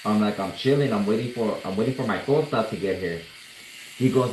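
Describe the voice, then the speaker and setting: A man's voice: lowish voice, brisk, darkish tone, slight background noise. Laid-back slangy man in a roomy studio. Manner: laid-back, slangy, swearing, laughing at his own story. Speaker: tattoo artist. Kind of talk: casual livestream storytelling. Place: tattoo studio during a live session.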